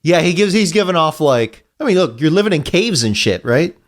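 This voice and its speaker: A laid-back man co-hosts a casual podcast, reading a comic aloud and joking between panels. His voice sits a touch high and moves a lot in pitch. He swears offhandedly and keeps everything loose. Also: sing-song, fairly quick.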